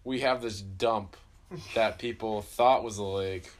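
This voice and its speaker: Low-voiced joking podcast man. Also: fairly even intonation, measured pace. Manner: joking, crude, laughs often. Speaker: podcast co-host. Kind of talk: casual podcast banter.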